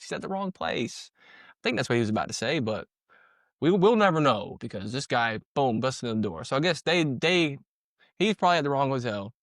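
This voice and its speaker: A man's voice: mid-range voice, no echo, clean studio sound. A man giving casual, slangy commentary on a video, repeating himself and punching in sound-effect words. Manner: slangy, conversational. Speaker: commentator breaking down police footage.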